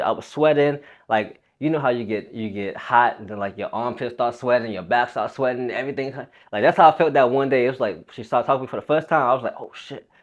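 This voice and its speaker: A man's voice: medium pitch, highs cut off. A young man and fitness coach telling a personal story in a loose, rambling, casual way, swearing freely.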